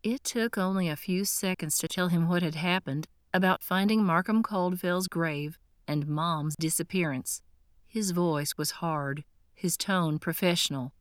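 A woman reading a first-person audiobook in a measured, tense, earnest way, close to the mic. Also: fairly low pitch, no room sound. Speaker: audiobook narrator.

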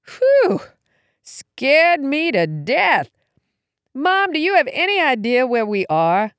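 A woman's voice: high-pitched, big pitch swings, normal speed, fairly bright tone, clear, resonant tone, dry recording, studio quality, pitched above the performer's own voice. A woman reading aloud, voicing an anxious young woman who urges her mother to keep moving. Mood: shaken. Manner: urgent, pleading. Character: anxious young woman named Darcy, cautious.

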